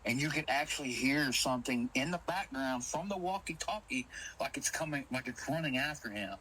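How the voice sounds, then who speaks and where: A man's voice: mid-range voice, fairly quick, a little hiss or hum, rough recording. A man telling a spooky story in casual talk, acting out what others said. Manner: animated, Southern-inflected storytelling with quoted dialogue. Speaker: caller telling an encounter.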